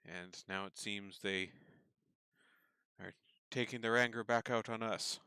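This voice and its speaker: A man's voice: fairly low pitch, steady tone, unhurried, pushed and bright, clean tone, no echo, studio quality. A man voicing a cowering, nervous, well-dressed nobleman who stammers and pleads. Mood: sheepish.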